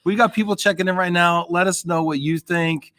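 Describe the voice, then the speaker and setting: A man's voice: high voice, steady tone, fairly quick, bright, forceful tone, dry recording. A man hosting a live stream, upbeat and joking as he reads out viewer comments. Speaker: host.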